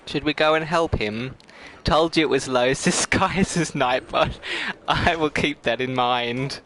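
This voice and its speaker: This middle-aged game streamer talks at a measured pace in a medium-pitched, fairly bright voice, with slight background noise. Chatty with his viewers in a casual livestream, he giggles a lot and laughs hard in fits.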